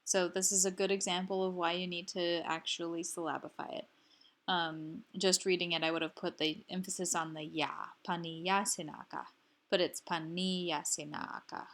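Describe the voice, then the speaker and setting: A woman teaching a language lesson, explaining syllables slowly and repeating each example word carefully for learners. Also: lowish voice, level tone, a bit bright. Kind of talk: slow instructional explanation.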